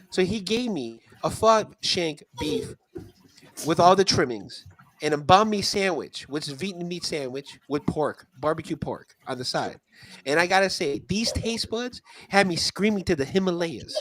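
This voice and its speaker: A man's voice: high voice, fairly bright tone. A man voicing a smug, self-styled reformed food reviewer who talks in a mock-formal, self-satisfied way. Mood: boastful.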